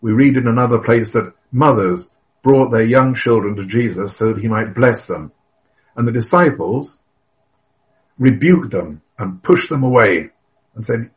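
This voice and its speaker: A man preaching a sermon, earnest and emphatic, telling stories with the odd filler and cleared throat. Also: medium pitch, lively intonation, a little slow, low-quality recording.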